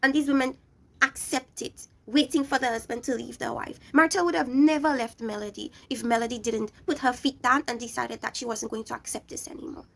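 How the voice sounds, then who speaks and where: A woman's voice: fairly high pitch, steady tone, fairly quick, creaky, fairly bright tone. A young woman recapping a reality show in a blunt, scolding rant, talking straight at the people she criticizes. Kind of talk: ranting show review.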